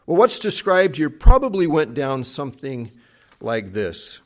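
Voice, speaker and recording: A man's voice: fairly high pitch, sing-song, a little slow. Preacher man telling a story dramatically. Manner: dramatic storytelling, acting out quotes, dropping to soft tones. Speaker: pastor. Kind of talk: sermon.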